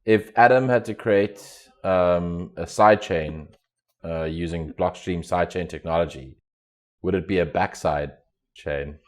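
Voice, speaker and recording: Co-host, male, very deep voice, jokey and teasing. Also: unhurried. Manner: joking, teasing setup. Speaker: podcast co-host. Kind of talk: casual panel chat.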